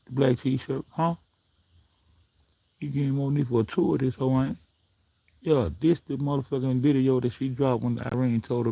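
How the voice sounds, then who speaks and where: A man in his own vlog, reacting to clips in a coarse, rambling rant full of swearing. His voice is gravelly and husky, with a mellow, dark tone, recorded dry and close. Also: mid-range voice, normal speed, pauses often, dry recording. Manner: rambling, coarse, talks back at the screen. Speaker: commentary vlogger. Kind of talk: profane reaction commentary.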